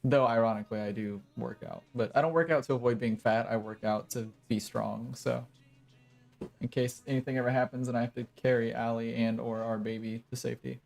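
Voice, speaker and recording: A young man chats casually while streaming a game, wandering from joke to joke and poking fun at himself. His voice sits at an ordinary middle pitch, with faint music playing in the background. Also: steady tone, a little fast, gravelly, a little mellow. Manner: rambling, joking, self-mocking. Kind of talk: casual gaming commentary.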